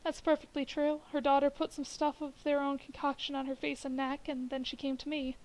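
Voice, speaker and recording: A woman reading the lines of a skeptical country doctor who answers briskly and dismissively. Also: high-pitched, level tone, a little mellow, natural voice, poor audio.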